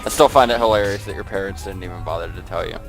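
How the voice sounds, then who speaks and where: A man's voice: deep voice, rapid-fire, low-quality recording. A man in casual, amused chat while playing a role-play game online. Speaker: player. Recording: game music playing behind.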